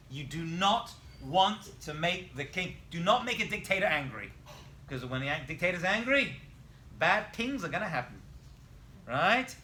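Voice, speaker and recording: Animated man teaching a class. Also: on the high side, a little hiss or hum. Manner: animated storytelling, quizzing students. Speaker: rabbi and teacher. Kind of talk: lively classroom Bible lesson. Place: classroom with students.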